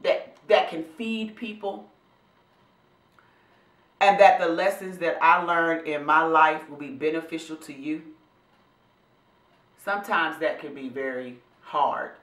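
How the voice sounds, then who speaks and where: A woman talks to her viewers in an animated, preachy way, calling them y'all. Her voice is bright and forceful. The room around her sounds roomy and echoey. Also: low-pitched, slow pace, pauses often. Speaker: vlog host and professional speaker. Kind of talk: motivational casual talk to camera.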